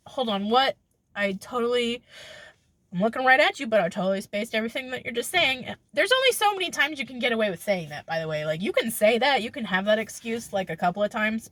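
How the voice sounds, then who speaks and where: A young woman vlogs casually to camera in a confessional way, rambling and cutting herself off mid-thought. She acts out little exchanges and laughs often, speaking in a mid-range voice on a dry recording.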